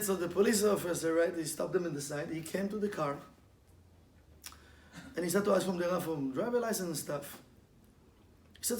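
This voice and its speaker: Guy teaching kabbalah stuff, high voice, lively, laughs a lot, echoey room w/ a little hiss. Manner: animated, laughs often, acts out quotes and sound effects. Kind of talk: informal spiritual lesson with storytelling. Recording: echoey room with faint ambient noise.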